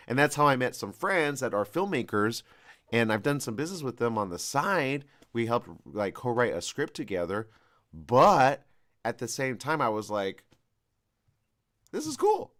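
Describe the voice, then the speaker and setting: A man's voice: medium pitch, a bit bright. A man hosting a live talk show, giving rambling, conversational commentary with an American West Coast accent. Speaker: host.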